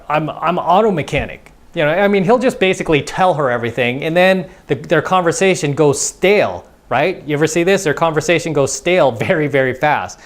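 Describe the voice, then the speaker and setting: A man giving a casual, conversational dating lesson as a coach, acting out both sides of example conversations. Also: fairly high pitch. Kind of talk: instructional monologue.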